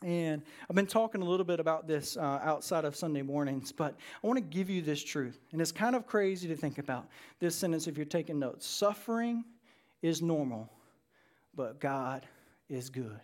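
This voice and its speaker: A male pastor gives a relaxed, conversational sermon to his congregation. His voice sits high for a man. He drifts into personal stories, filling them with casual asides and restarts. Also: fairly quick, hardly any pauses. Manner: casual, storytelling, many fillers. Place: church service with a live congregation.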